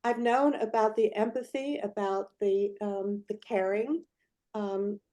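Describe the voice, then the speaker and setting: A woman's voice: mid-range voice, steady tone, a little slow, dark tone. Weepy older woman speaking hesitantly. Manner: hesitant, teary, full of fillers. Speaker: honoree's mother. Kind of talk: emotional tribute on a video call. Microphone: video call.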